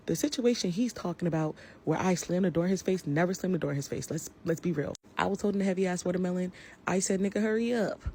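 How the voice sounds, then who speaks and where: A woman's voice: medium pitch, mellow, breathy edge. A woman giving an angry, profane rant to the camera about a falling-out with a friend. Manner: heated, profane, confrontational. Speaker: social media personality.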